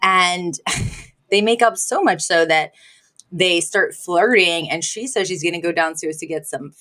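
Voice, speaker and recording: A woman's voice: fairly low pitch, unhurried, pushed and bright. Woman podcast host, casual recap chat, laughs easily, slips into voices for quoted lines. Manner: chatty and giggly, acts out quoted lines.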